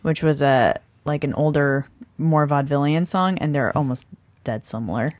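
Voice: medium pitch, moderate pace, a little mellow, no echo. A podcast co-host in casual chat, chatty and enthusiastic about musicals.

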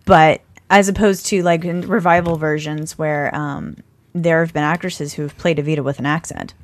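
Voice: medium pitch, steady tone, moderate pace. A podcast co-host in casual chat, chatty and enthusiastic about musicals.

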